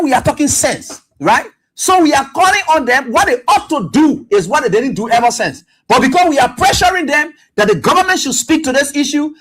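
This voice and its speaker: Liberian male radio host, fairly high voice, animated, mocking running commentary. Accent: Liberian English. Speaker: radio talk show host. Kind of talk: live call-in commentary.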